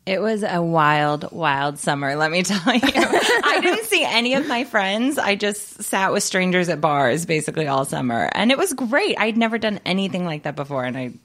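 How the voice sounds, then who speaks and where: A woman guest on a podcast, a magazine editor, telling stories in a lively, casual way. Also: on the low side, moderate pace, hardly any pauses. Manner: lively, laughing storyteller. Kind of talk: casual chat.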